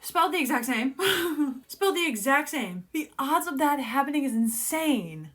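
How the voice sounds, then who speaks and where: A young woman chatting excitedly about a book she is reading, scolding its characters as if they could hear her. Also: high voice, moderate pace. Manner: excitable, chatty, talks straight to the book's characters. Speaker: book reaction vlogger. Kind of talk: casual reading reaction.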